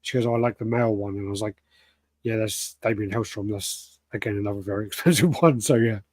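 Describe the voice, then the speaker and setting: A man's voice: on the low side, fast, a little mellow, no room sound. A man co-hosting a podcast, chatting casually and recounting events with quoted lines. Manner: storytelling, acts out quoted lines. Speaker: podcast co-host. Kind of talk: casual chat.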